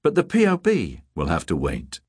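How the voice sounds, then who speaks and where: A man's voice: low voice, huge pitch swings, normal speed, a little mellow, breathy edge, no echo, studio quality, heavily acted. A man reading a story voices a weary middle-aged detective, terse and clipped.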